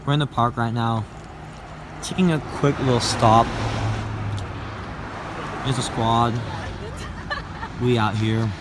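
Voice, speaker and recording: A man's voice: medium pitch, steady tone, takes it slowly, pauses often, crowd noise, noisy background. Joking young man vlogging outdoors. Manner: playful, joking tour-guide banter. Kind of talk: casual travel vlog. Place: outdoors on a forest trail.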